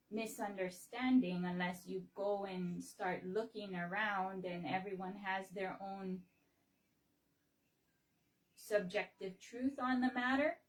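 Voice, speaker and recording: Slow, halting woman from Hawaii. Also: lowish voice, far from the mic, rough recording. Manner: slow, halting, with many fillers and restarts. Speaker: livestream host. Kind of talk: casual explanatory livestream talk.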